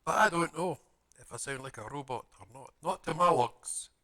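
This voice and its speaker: A man's voice: fairly high pitch, normal speed, pushed and bright. A man chatting casually on a live stream, muttering to himself as he fits small parts together and talking to his viewers. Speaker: live streamer building a model kit. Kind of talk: casual live-stream chat while working. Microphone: streaming mic with adjustable audio settings.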